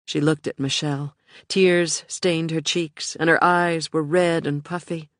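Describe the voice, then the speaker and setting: An audiobook narrator giving measured, scripted narration. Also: mid-range voice, little pitch movement, fairly bright tone, dry recording, studio quality. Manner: measured, unhurried reading.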